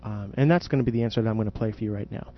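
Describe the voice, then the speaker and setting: A man's voice: fairly low pitch, rapid-fire. Patient male jazz teacher, lo-fi podcast. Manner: patient, explanatory, demonstrates questions with rising inflection. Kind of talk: podcast audio lesson.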